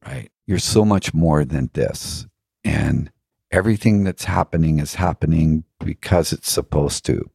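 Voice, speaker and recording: A man's voice: extremely low pitch, vocal fry, dark tone, slightly rough, no echo, studio quality. A man who is a podcast guest tells reflective spiritual stories. He speaks earnestly, often poses rhetorical questions and laughs now and then.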